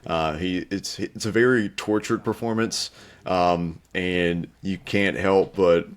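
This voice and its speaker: A young man co-hosting a film review show, talking casually with many pauses and fillers. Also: low-pitched, fairly even intonation, smooth. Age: young adult. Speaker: film critic co-host.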